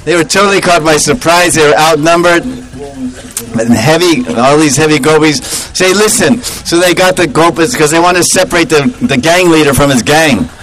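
A man telling a devotional story in an animated way, chuckling and acting out the characters. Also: a little high, moderate pace, poor audio. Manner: animated, chuckling, acts out voices.

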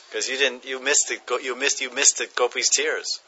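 Guy teaching a devotional class, bright voice, kinda muffled recording with faint traffic behind. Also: mid-range voice, fairly even intonation, normal speed. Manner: chuckling storyteller, chanting Sanskrit verses and translating. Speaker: spiritual teacher.

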